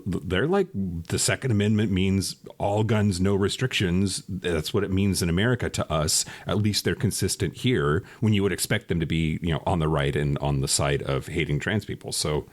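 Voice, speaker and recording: A man's voice: low voice, a little fast, hardly any pauses. A man co-hosting a casual podcast, talking remotely, ranting profanely with laughs and restarts. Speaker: podcast co-host. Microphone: remote recording.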